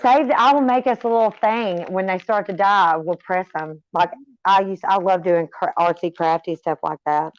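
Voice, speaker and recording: A woman's voice: fairly low pitch, moderate pace, few pauses, dry recording. A middle-aged woman chatting casually to her viewers, rambling off on tangents and swearing freely. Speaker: vlogger talking to viewers. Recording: slightly dull, dry recording.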